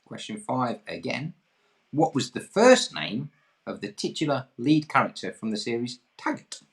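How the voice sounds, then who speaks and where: A man's voice: medium pitch, very animated, moderate pace. A man from England hosting an online pub quiz, reading questions in a jokey, self-deprecating way. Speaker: quiz host.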